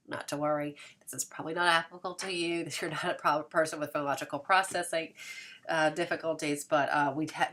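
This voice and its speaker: A woman's voice: low-pitched, sharp tone. A woman lecturing as an instructor, explaining step by step with frequent fillers and restarts, sometimes spelling out words letter by letter. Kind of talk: recorded lecture.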